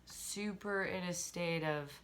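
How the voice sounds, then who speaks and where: A woman's voice: on the low side, slow pace, background noise. A woman relationship coach giving a casual motivational talk, candid and swearing freely, laughing often as she acts out harsh inner voices.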